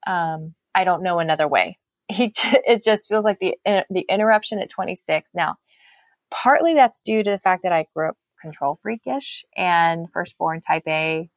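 A woman's voice: fairly low pitch, moderate pace, no room sound. A woman speaking as an author guest on a faith-based podcast, reflective and earnest, often restarting her sentences.

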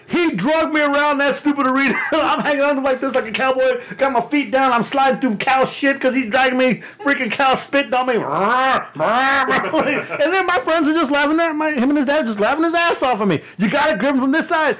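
A man telling a rambling, profane story in a casual chat, laughing often and getting animated. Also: very high-pitched, a little fast, hardly any pauses.

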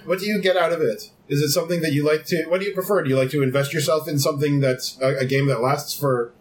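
A man's voice: on the high side, fairly even intonation, fast. A man hosting a casual podcast, enthusiastic and explaining things at length. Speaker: podcast host.

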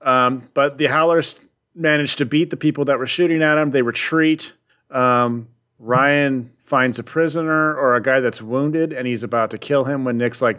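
Guy on a comics podcast, rambly animated recap, mid pitch, lots of ums. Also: normal speed. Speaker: podcast co-host. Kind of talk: casual comics podcast chat.

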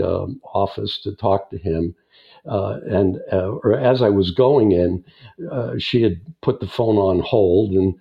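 Older male guest, gravelly, unhurried anecdote-teller, dull lo-fi recording. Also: lowish voice. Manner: unhurried, chuckling raconteur. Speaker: guest filmmaker and editor. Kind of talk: anecdotal storytelling in an interview. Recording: dull lo-fi sound.

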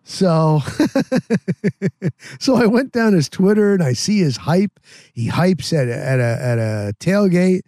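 Male podcast host, a bit higher voice, animated rambling storyteller, dry close-mic sound. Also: takes it slowly, long pauses, no echo. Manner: rambling, animated, repeats himself. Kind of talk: casual storytelling.

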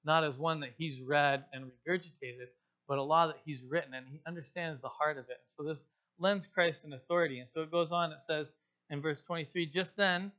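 A man's voice: fairly high pitch, fairly even intonation, brisk, a bit bright, muffled recording. A man preaching a sermon in a casual, conversational way, explaining scripture in plain everyday terms. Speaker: pastor.

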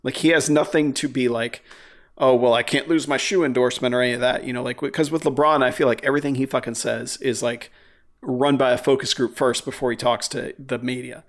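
A man's voice: medium pitch, steady tone, fairly quick. A man in casual podcast chat, rambling with many fillers and frequent swearing.

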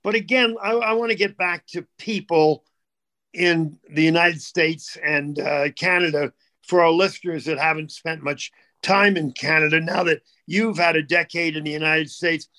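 A man hosting a podcast, asking long questions haltingly with many fillers. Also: a little high, steady tone, pushed and bright. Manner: hesitant, drawn-out questions with fillers. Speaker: host. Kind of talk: casual podcast interview.

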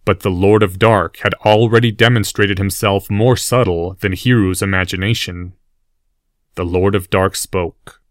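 A male narrator reads a fantasy story in a steady, even storytelling manner. His voice is fairly low, and the recording is dry and close-miked. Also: measured pace, dry recording. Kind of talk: scripted audiobook narration.

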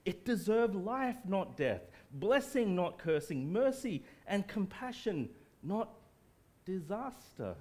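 A man's voice: sing-song, slow, darkish tone, full character voice. A man voicing the prophet Jonah as a sulking, self-pitying man in a sermon. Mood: indignant whining. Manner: whining, indignant, high-pitched pleading.

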